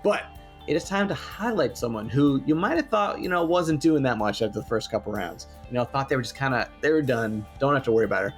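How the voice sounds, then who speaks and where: A man's voice: mid-range voice, lively intonation, fast talker, soft background music. A man co-hosting a podcast, bantering casually in a playful, jokey way and laughing often. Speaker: podcast co-host.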